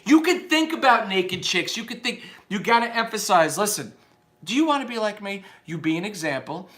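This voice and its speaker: Man, high voice, forceful bright tone, profane combative rant. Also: animated, normal speed. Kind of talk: unscripted political rant.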